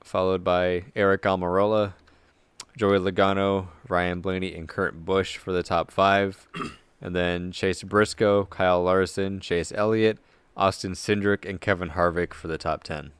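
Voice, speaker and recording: A young man co-hosting a casual racing podcast chat, tired from little sleep, relaxed and swearing freely. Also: sits low, a little slow, clean tone, dry recording. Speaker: podcast co-host.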